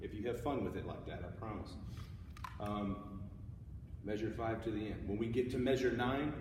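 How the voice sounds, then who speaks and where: A man's voice: fairly low pitch, normal speed, long pauses, background noise. Man teaching, echoey distant room. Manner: casual, upbeat explaining. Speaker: music teacher. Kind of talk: instrument tutorial.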